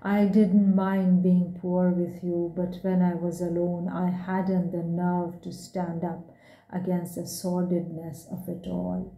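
A woman's voice: on the low side, flat delivery, takes it slowly, warm tone. A woman voicing a distraught young wife who pleads emotionally. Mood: pleading. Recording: echoey room.

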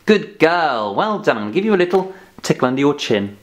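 A man hosting a children's phonics lesson, playfully scolding and coaxing a giraffe puppet. His pitch rises and falls widely in a sing-song way. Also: very animated, normal speed. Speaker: phonics teacher presenter. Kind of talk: children's educational presenting.

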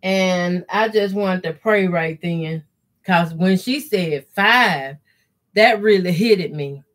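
A middle-aged woman, hosting a casual quilting live stream, reading viewer comments and praying aloud with deep feeling. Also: slow pace. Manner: heartfelt, prays aloud with deep emotion. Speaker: quilting channel host.

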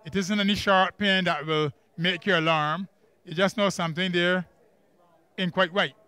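Bright-voiced Barbadian man teaching class. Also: sits high, fairly even intonation, clean tone, dry recording. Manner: quizzes the class with quick questions and emphatic repeats. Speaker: Bible study teacher. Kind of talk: church camp workbook lesson. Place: camp classroom.

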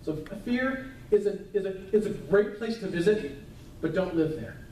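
A man's voice: sits high, expressive, moderate pace, darkish tone, slight background noise. A male pastor giving a conversational sermon with casual asides. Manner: conversational, chatty preaching with asides. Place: church sanctuary. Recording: echoey church hall, mic at a distance.

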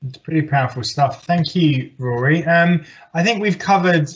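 A man's voice: a little high, normal speed. A man hosting a webinar, politely thanking the speaker and wrapping up. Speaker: host. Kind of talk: moderating a webinar. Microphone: video call. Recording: lo-fi online call audio.

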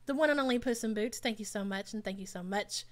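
A woman's voice: mid-range voice, fast talker. A woman hosting a live stream, giving blunt, sassy commentary and talking back to her chat. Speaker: live stream host reacting to a reality show.

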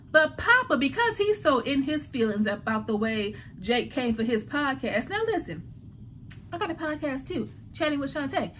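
Woman, high voice, casual recap host, animated delivery, faint background noise. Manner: animated, acts out characters' lines.

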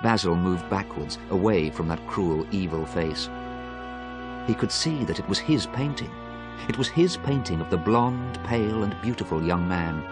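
A man narrating a graded story in a steady, clear storytelling manner. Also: low-pitched, moderate pace, music in the background.

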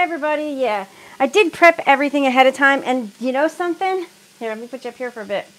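A woman's voice: fairly high pitch, low-quality recording. A middle-aged woman from the United States chatting casually while cooking in her home kitchen, laughing often and reading out viewers' comments. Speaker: cooking livestream host.

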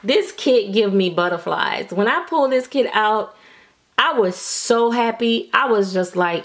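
A woman reviewing doll kits in a casual vlog, gushing with frequent excited exclamations and using Southern vernacular like "y'all". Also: mid-range voice, measured pace. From United States.

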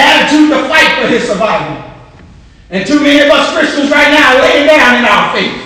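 A man delivers a fervent sermon in a very high, bright, shouting voice. His words ring back through a big church with a long, roomy echo. He sounds set back from the microphone. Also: lively intonation, fairly quick. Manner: fervent, shouting, repetitive preaching cadence. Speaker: preacher. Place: large church hall. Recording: echoey hall, voice from far off.

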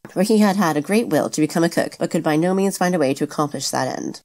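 A woman reading a novel aloud as a steady, brisk audiobook narrator. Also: sits low. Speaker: audiobook reader.

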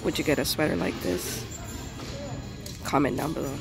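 Woman, young adult, thrift vlogger, slightly muffled from a cold, gravelly, chatty and upbeat. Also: very deep voice, lively intonation, moderate pace, music in the background. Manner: chatty, upbeat, addresses viewers directly. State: recovering from a cold, voice a little muffled. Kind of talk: casual vlog narration.

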